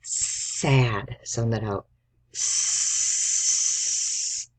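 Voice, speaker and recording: A man with a slightly husky, breathy voice leads young pupils through a spelling lesson. He speaks very slowly, dictating words and sounding out letters one at a time, with patient prompts and checks. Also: mid-range voice. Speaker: teacher.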